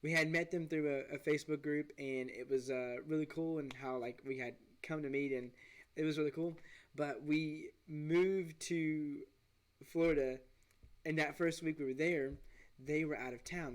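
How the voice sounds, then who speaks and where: A man hosting a podcast, telling a story in an animated, rambling way with many restarts. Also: fairly high pitch. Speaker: podcast host. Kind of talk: casual storytelling.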